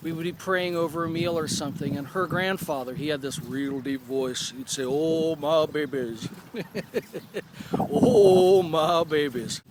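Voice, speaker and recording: A man in his forties speaks in a reflective personal vlog, earnest and unhurried, often pausing to gather his thoughts. His voice sits fairly high for a man. A faint hum of background noise runs beneath him. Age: 40s. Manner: earnest, thoughtful, with pauses and restarts. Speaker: vlogger.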